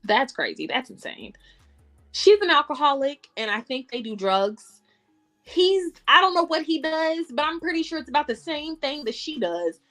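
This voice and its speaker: A woman's voice: high voice, sing-song, moderate pace, fairly bright tone, soft background music. A woman co-hosting a casual podcast, blunt and profane, often laughing. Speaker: podcast co-host. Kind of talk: casual chat.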